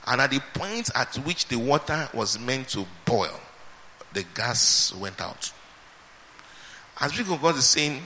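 A man preaching a sermon, emphatic and repeating his phrases, swinging between loud and soft. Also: medium pitch, a little hiss or hum. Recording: reverberant hall with faint ambience.

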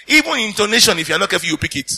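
Husky preacher with a bright edge. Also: male voice, high voice, sing-song, very fast. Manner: earnest teaching preacher, addresses congregation with questions. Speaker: pastor. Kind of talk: sermon.

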